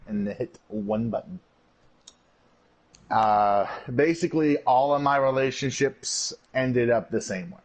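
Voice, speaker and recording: A man hosting a podcast, telling a personal story in a casual, profane, ranting way. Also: mid-range voice. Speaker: podcast host. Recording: dull lo-fi podcast audio.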